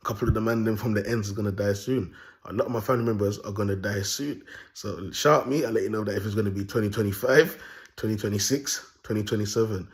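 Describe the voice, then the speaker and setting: Speaking on the low side, this young man casts himself as a prophet in an off-the-cuff monologue. His street-slang delivery is raw, bold and full of rambling repetition.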